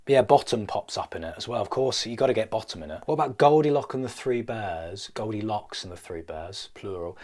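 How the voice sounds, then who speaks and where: A man's voice: on the low side, animated, a little fast, hardly any pauses, a little mellow. A young man, a filmmaker, rambling through a playful, self-mocking comedy vlog. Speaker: filmmaker vlogger.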